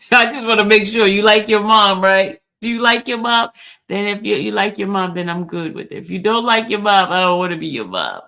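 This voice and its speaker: A woman's voice: mid-range voice, lively intonation, moderate pace, gravelly, sharp tone. A woman hosting a casual livestream, chatty and teasing as she talks straight to her chat and reads their comments. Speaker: livestream host.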